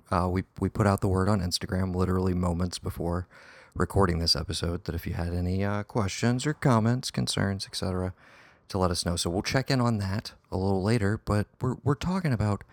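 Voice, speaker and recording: A man with a very low voice hosts a relaxed movie review podcast. He rambles through his lines, backing up and restarting as he goes. The sound is dry and close, with no room echo. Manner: rambling, hesitant delivery with many false starts. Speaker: podcast host. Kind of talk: casual film review podcast chat.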